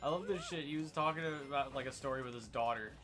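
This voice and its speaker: A man's voice: medium pitch, fast talker, music in the background. A man chatting casually on a podcast, retelling a comedy bit and acting out quotes. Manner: storytelling, acts out quotes loudly. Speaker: podcast co-host. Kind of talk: casual chat.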